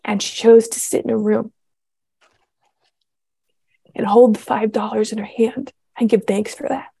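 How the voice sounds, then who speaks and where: A woman's voice: fairly high pitch, fairly even intonation, measured pace, gravelly, mellow, husky, dry recording. A young adult woman giving a casual spiritual talk, heartfelt and rambling, with many fillers and restarts.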